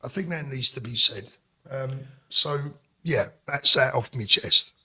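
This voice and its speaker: Bright-voiced man speaking earnestly. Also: medium pitch, unhurried, husky. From England. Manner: earnest, emphatic praise with fillers. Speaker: co-host of a political livestream. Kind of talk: casual chat, reading viewer comments.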